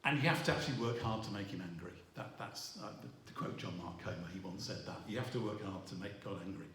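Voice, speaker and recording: A middle-aged man, preaching a sermon in a halting way, with many restarts and fillers. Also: on the low side, a bit bright, far from the mic, a little hiss or hum. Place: church hall. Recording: roomy echo, voice from afar.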